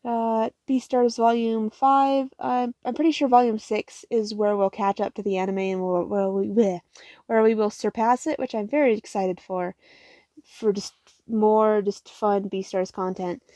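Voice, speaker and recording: A tired young woman rambling casually through a manga haul, swearing often and getting excitable. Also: mid-range voice, a little slow, no room sound.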